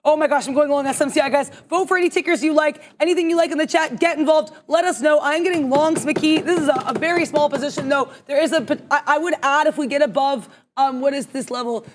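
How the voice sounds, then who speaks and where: A woman calling her trades on a live market stream, excitable and emphatic, half talking to herself. Her voice sits high, and the words tumble out at a rapid clip. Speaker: day trader co-host. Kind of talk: live trading stream commentary.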